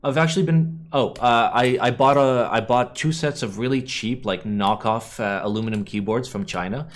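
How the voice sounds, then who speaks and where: A man's voice: medium pitch, moderate pace. A young man streaming a keyboard build, tired and rambling, swearing casually and muttering to himself. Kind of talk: casual live-stream chat while building. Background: keyboard clicking and typing.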